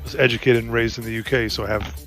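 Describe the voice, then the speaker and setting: A man's voice: medium pitch, little pitch movement, fast talker, fairly bright tone, soft background music. A man with an American accent with British undertones, chatting in a rambling way while gaming on stream, tagging "right?" onto his points. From United States. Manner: rambling, many "like" and "right?" tags. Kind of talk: casual chat while gaming.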